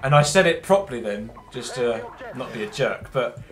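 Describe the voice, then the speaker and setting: A man's voice: medium pitch, animated, moderate pace. Rambling young Englishman doing game commentary. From England. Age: young adult. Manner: rambling, chatty, self-deprecating. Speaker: gamer giving commentary. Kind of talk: casual gameplay commentary.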